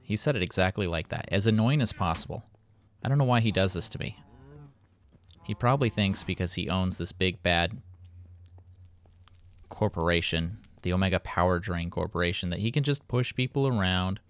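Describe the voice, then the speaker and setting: A man's voice: low-pitched, moderate pace, clear, resonant tone. A man hosting a casual gameplay commentary, rambling and poking fun at himself. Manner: rambling, self-mocking, playful. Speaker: let's play host.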